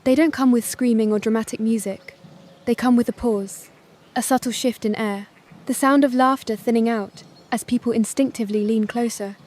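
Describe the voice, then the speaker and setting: In a calm, measured voice of fairly high pitch, a woman narrates a first-person story of family drama.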